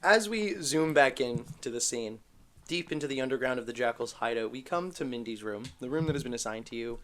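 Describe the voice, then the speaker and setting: A man's voice: mid-range voice, expressive, a little fast, a bit bright, a little hiss or hum. A man as game master, narrating a tabletop game with dramatic storytelling.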